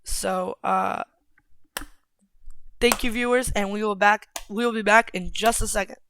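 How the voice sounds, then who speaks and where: A man co-hosting a podcast in casual chat, talking in a relaxed way with many fillers. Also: sits high, unhurried, a little hiss or hum. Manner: relaxed, filler-heavy talk. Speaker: podcast co-host.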